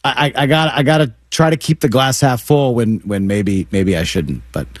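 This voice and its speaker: A man's voice: medium pitch, normal speed, no echo, clean studio sound. A man co-hosting a casual sports talk show, rambling with frequent stammers and restarts, poking fun at himself.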